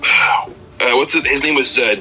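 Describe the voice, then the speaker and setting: A man's voice: medium pitch, fairly even intonation, moderate pace, over music, low-quality recording. A young man co-hosting a podcast, talking hesitantly with many fillers as he recalls film scenes. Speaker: podcast co-host. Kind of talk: casual chat.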